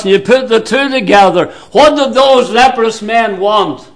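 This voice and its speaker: A man preaching a sermon in a slow, deliberate way, with sudden drops to a hushed voice. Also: very high-pitched.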